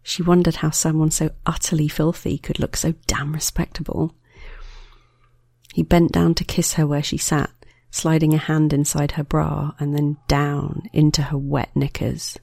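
Erotic story reader, gravelly texture, dry close sound, measured delivery. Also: mid-range voice, little pitch movement, a little mellow, no echo. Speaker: story narrator. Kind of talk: scripted erotic story reading.

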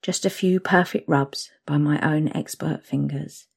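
A young woman narrating an intimate second-person story, soft and slow. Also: sits low, fairly even intonation, gravelly, slightly rough.

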